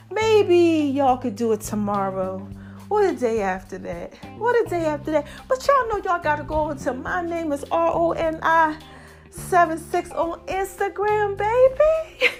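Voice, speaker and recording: A woman's voice: very high voice, sing-song, unhurried, faint music behind. A woman hosting her own podcast in casual solo chat, laughing often and calling her listeners baby and y'all. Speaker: podcast host.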